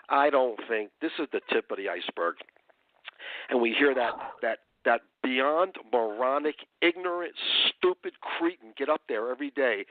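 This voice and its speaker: A man's voice: mid-range voice, no echo. A man giving a heated, profane political rant as a guest analyst, talking angrily and emphatically over a phone call. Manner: angry, profane, emphatic ranting. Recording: tinny phone line.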